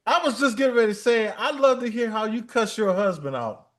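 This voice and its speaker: A male livestream host who chats casually and keeps teasing his guests, often breaking into laughter. His voice is very high for a man and swings widely in pitch. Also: lively intonation, brisk, a loud crowd. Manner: joking and teasing, laughs a lot.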